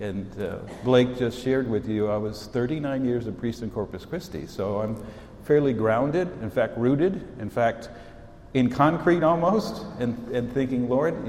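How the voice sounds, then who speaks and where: Sixty-something bishop chatting to students, folksy stories, mellow low voice, echoey hall with faint background ambience. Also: male voice, a little hiss or hum. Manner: folksy storytelling, warm asides. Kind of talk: informal address to students.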